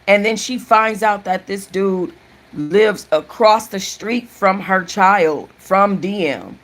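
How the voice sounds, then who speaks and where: A woman hosting a casual live-stream book chat, chatty and prone to restarting sentences. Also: on the low side. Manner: chatty, restarts often, thanks viewers mid-sentence. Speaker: book channel host.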